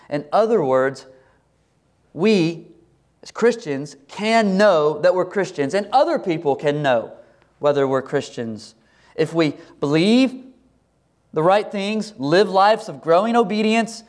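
A middle-aged man preaching a sermon as pastor, earnest and conversational, often asking his listeners questions. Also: a little high. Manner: earnest, conversational, asks the congregation many questions.

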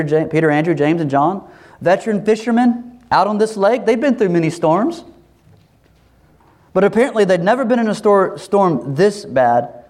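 A pastor preaching a sermon in a lively, animated way, acting out voices as he tells the story. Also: sits high. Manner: animated, acts out quoted voices, laughs.

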